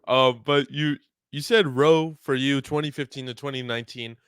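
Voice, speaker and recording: A man with a smooth, clear voice asks questions in a casual interview. The sound is dry and close. He keeps his lines short and matter-of-fact. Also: mid-range voice, steady tone, normal speed, fairly bright tone, no echo. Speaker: podcast host, interviewer.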